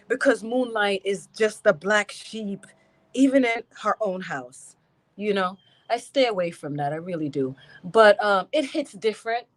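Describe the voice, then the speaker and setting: Animated high-voiced woman streamer. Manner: animated, laughing, cursing, greeting chat by name. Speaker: live stream host. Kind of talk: casual live stream chat.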